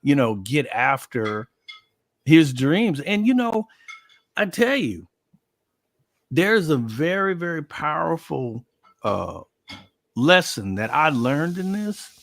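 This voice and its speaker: A man's voice: a little high, slow pace, gravelly, pauses often, no room sound. A man in a conversational chat, earnestly recalling a late friend and acting out their talks, with many repeated words. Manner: animated, quotes himself and his friend at length, repeats words. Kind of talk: emotional conversational recollection.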